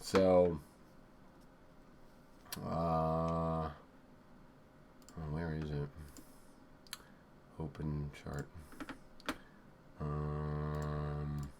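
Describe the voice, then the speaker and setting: A man hosting a live astrology show, talking in a rambling, excitable and profane way, swinging from loud outbursts to low mutters. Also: very slow, long pauses, a little hiss or hum. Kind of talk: live-streamed casual astrology talk.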